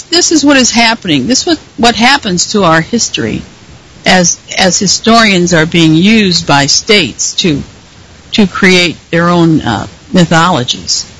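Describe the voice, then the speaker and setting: A speaker with a husky, somewhat breathy voice sitting in the middle of the usual pitch range. They deliver a prepared commentary monologue deliberately, pausing often and stopping to correct themself. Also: a bit bright, poor audio.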